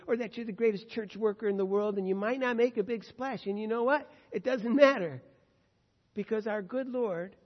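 Earnest preacher in a reverberant hall. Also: male voice, sits high. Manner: earnest, swings between loud emphasis and hushed tones. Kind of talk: sermon. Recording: dull sound with long hall reverb.

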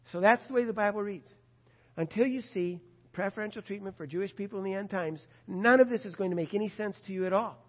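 A man teaching from the Bible in a sermon style, emphatic and rising to loud stresses on key phrases. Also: high voice, fairly quick, long reverb tail, highs cut off. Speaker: preacher.

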